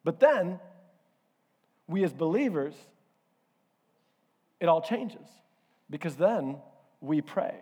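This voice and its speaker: A man's voice: on the high side, lively intonation, slow pace, pauses often, mellow, slightly rough. A man preaching a sermon in a conversational, storytelling way, with self-deprecating asides. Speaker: pastor. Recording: reverberant hall.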